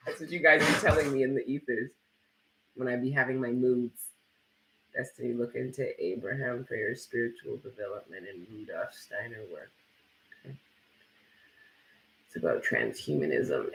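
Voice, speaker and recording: A man's voice: medium pitch, lively intonation, moderate pace, creaky, pauses often, a bit bright, roomy sound, rough recording. A man hosting a tarot live stream, chatting casually and bluntly with plenty of swearing while reading viewer comments aloud. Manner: casual, blunt and profane, lots of "like".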